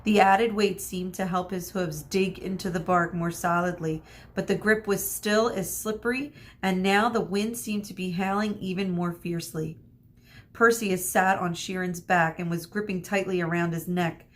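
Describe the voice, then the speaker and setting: A woman teacher reading a chapter book aloud to children, expressive, stopping for asides to her listeners. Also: fairly low pitch, normal speed.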